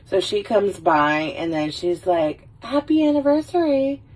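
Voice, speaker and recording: A woman's voice: lowish voice, steady tone, takes it slowly. A woman hosting a casual livestream, rambling about movies, laughing and swearing as she goes. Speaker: livestream host. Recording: voice a little far from the mic.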